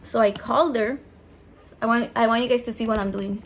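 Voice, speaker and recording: This woman, a home cook vlogger with Mexican roots, talks fairly quickly in a fairly high pitch as she cooks, with a little background noise behind her. Her casual chatter is lively and full of swearing, with Spanish words mixed into the English.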